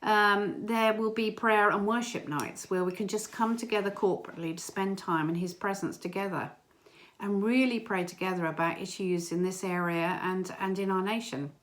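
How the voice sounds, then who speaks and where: A woman giving an informal church talk, earnest and gentle, with small hesitations. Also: mid-range voice, fairly even intonation, moderate pace. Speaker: church member sharing a prayer message.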